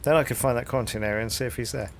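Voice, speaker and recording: A man's voice: mid-range voice, steady tone, racing, slight background noise. A male streamer reading game text aloud as he plays, with dry, wry asides. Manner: dry wry asides between read lines.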